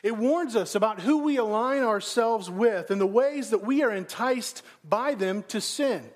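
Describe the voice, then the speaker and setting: A man's voice: sits high, expressive, a little slow. A man pastor giving a sermon in a conversational, self-deprecating way, often asking the congregation questions.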